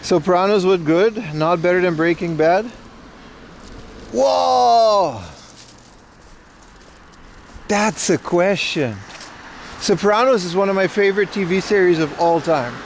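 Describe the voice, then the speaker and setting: Man, high voice, IRL streamer, rambling chat, answers viewers, outdoor stream, faint street noise. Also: brisk, few pauses. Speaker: IRL livestreamer. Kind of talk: casual walking livestream chat.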